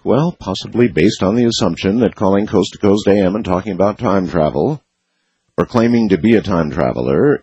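Deep, husky late-night radio host man. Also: a little mellow, no echo. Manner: slow, deliberate, emphatic. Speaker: radio talk show host. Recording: dull lo-fi radio studio sound.

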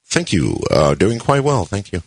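A middle-aged man hosting a call-in radio show, talking in a slow, measured and deliberate way with long pauses. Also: lowish voice, very animated, husky, no room sound. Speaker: radio talk show host.

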